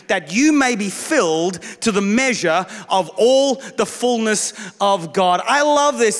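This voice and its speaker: A male pastor preaching a lively, humorous sermon on a church stage, acting out voices as he speaks. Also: high-pitched. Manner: animated, humorous, acts out voices. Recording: long reverb of a large hall.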